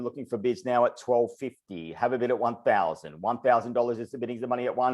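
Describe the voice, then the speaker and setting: A male auctioneer running a charity auction over a webinar, rattling through bids in a rhythmic, repeating patter. His voice sits at an ordinary middle pitch, and he sounds a little out of breath from the pace. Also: darkish tone. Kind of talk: rapid charity auction calling. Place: online webinar.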